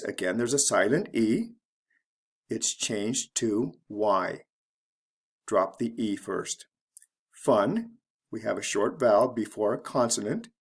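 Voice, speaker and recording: A man teaching English word endings, spelling out letters one by one in a deliberate way. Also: on the low side. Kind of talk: explaining spelling rules.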